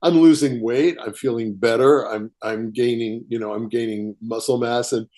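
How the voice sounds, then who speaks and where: A man, a writer, telling a personal story as a podcast guest, animated and chuckling as he acts out quotes. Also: mid-range voice, moderate pace. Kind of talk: casual storytelling interview.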